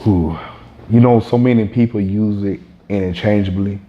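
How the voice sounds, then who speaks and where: A man from the States, explaining things in a relaxed interview and often repeating words as he thinks. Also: lowish voice, normal speed, lo-fi sound. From Southern United States. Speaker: guest, blog founder. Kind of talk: casual interview chat.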